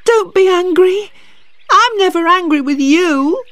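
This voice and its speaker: Maggie, a narrator doing a high pleading little girl. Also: animated, slow, no echo. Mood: tearful. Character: emotional nine-year-old girl, pleading and tearful. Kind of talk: storybook reading for learners.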